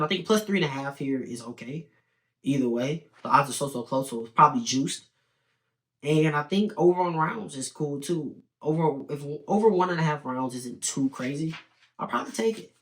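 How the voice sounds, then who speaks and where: A young man giving opinionated, animated fight predictions in a casual video commentary. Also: fairly high pitch. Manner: opinionated, animated, talks in quick bursts with restarts. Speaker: sports betting and fight prediction host.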